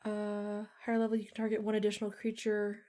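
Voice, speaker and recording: A woman playing a tabletop game, talking hesitantly with ums and pauses. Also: medium pitch, monotone, mellow. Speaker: player.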